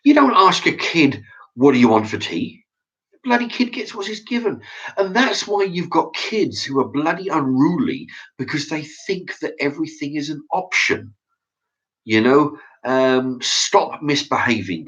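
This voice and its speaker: Guy ranting blunt and sweary, kinda husky, muffled lo-fi sound. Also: fairly high pitch, very animated, measured pace, fairly bright tone. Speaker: channel host reading viewer comments. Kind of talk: casual opinion chat. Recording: dull lo-fi sound.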